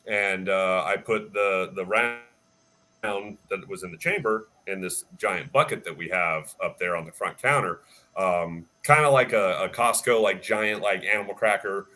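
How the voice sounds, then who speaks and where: A man who works as a firearms instructor, telling a story in a casual, animated way with plenty of fillers. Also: low voice, measured pace. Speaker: firearms instructor and range staff. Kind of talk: casual storytelling on a live chat.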